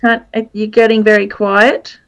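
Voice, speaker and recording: Woman, group participant, halting, lots of ums, mid-pitched. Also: flat delivery. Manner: hesitant and halting, many ums. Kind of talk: casual group discussion.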